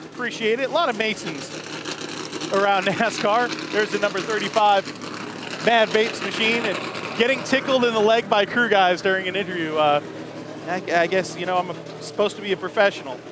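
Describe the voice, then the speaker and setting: A man's voice: high-pitched, steady tone, moderate pace. A man roving a race garage as a reporter, chatty and jokey, laughing often as he introduces drivers. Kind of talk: roving live garage commentary. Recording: noisy garage ambience.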